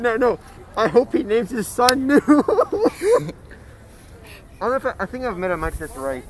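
A man's voice: on the high side, a little hiss or hum. A man hosting a podcast, chatting casually in a jokey, rambling way and laughing often. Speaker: podcast host. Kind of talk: casual chat.

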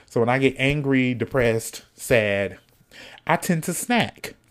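A man's voice: mid-range voice, slow pace. Solo podcast host, male, sassy and loose, cusses freely, snacks on mic, mid-range voice. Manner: sassy, animated, cussing, talks to himself; snacking while talking. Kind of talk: casual solo podcast chat.

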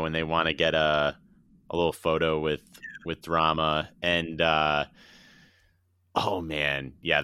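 Podcast co-host, man, very deep smooth voice, emphatic. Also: bright, forceful tone, no room sound. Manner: emphatic, enthusiastic praise. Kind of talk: casual chat.

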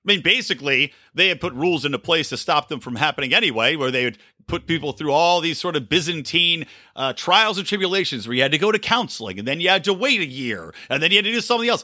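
A man's voice: a little high, sing-song, fast talker, few pauses, sharp tone, no room sound, clean studio sound. A man hosting a podcast, ranting sarcastically about politics and swearing freely, short on sleep. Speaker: podcast host. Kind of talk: solo political commentary.

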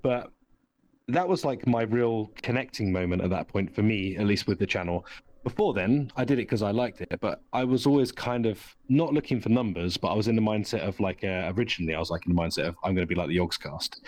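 Low-voiced, enthusiastic podcast host. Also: male voice, fast. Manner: enthusiastic, talks in long excited runs. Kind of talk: casual chat.

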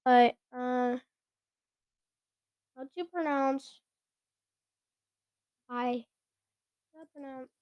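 High-voiced chatty woman podcaster. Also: fairly even intonation, very slow, pauses often, clean tone, dry recording, dull audio. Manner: chatty, giggly, stumbles over names. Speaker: podcast host. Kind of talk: casual sports chat.

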